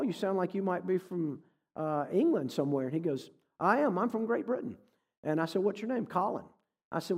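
A man's voice: a little high, darkish tone. A man giving a folksy, conversational sermon as a guest speaker, telling stories and joking with the congregation. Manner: folksy, conversational, jokes with the audience. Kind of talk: sermon with storytelling. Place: church hall. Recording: reverberant church hall.

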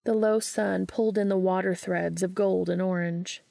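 A woman narrating a story aloud in a calm, even storytelling manner. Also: mid-range voice, moderate pace, gravelly, hardly any pauses, no echo, studio quality. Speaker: podfic reader. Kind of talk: audiobook narration of fan fiction.

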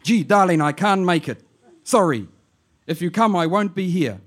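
Brief: man playing a rowdy elderly New auntie, high, loud and laughing, ribbing her nephew on an answering machine. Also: lively intonation, moderate pace. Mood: chatty. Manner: loud, laughing, mixes in Māori words. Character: boisterous elderly aunt, loud and teasing. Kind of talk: comic voice in a spoken-word poem.

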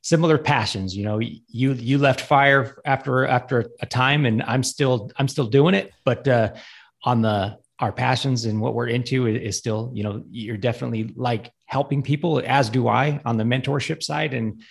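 Gravelly-voiced man, laid-back guest. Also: mid-range voice. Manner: halting, many fillers and restarts, laid-back. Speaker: podcast guest co-host, firefighter. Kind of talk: casual podcast chat.

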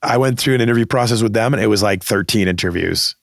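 A middle-aged man from the Boston area talks through career advice on his podcast in a fairly low, gravelly voice. His delivery is conversational and emphatic, and he acts out the people he quotes. The sound is close and dry, with no room around it. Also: fast, a bit bright, no room sound.

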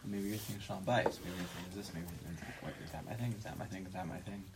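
Low-voiced man musing in a class. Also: racing. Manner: quiet, musing, repeats his questions. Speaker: class participant. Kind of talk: casual discussion. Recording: crowd noise behind.

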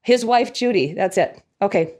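A woman's voice: mid-range voice, lively intonation, normal speed, a little mellow. A middle-aged woman telling a personal story in a devotional talk. She talks in a chatty, reflective way, laughs at herself and sometimes loses her thread. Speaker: devotional speaker.

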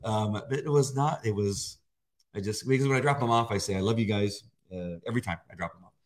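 A middle-aged man co-hosting a faith devotional, talking in a halting, emotional way with many fillers. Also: on the low side. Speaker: devotional co-host. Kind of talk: casual faith chat.

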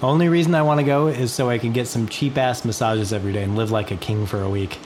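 A man's voice: medium pitch, steady tone, quick pace, a little mellow, a little hiss or hum. A man co-hosting a casual podcast in a laid-back way, laughing often and swearing. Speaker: podcast co-host. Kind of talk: casual chat.

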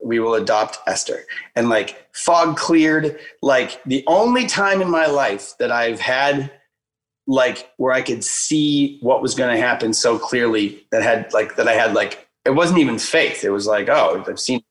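A man telling a personal story in a casual conversation, animated and filler-heavy, acting out the voices he quotes. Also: medium pitch, a little slow, low-quality recording. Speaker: guest speaker.

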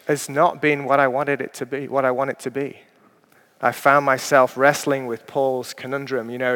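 A man's voice: medium pitch, a bit bright. A man preaching a sermon as a pastor, with an earnest, conversational delivery and personal stories. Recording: long hall reverb.

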